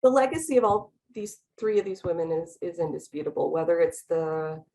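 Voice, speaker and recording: A woman lecturing to a room about pictures on slides. Her voice sits a little low, and she talks fast, stopping and restarting her sentences with frequent ums. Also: warm tone, low-quality recording. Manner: hesitant, many ums and restarts; speaks fast. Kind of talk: academic talk with slides.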